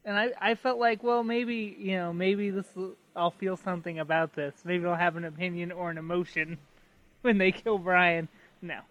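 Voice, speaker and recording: A mid-pitched co-host chatting casually. The delivery is dry and offhand, with easy joking asides. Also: steady tone, moderate pace, a bit bright, highs cut off. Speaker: podcast co-host. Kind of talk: casual chat.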